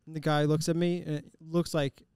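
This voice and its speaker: A man's voice: a little high, flat delivery, fairly quick, a little mellow, smooth, no room sound, studio quality. A man on a podcast telling a funny story in a loose, laughing way. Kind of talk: casual storytelling chat.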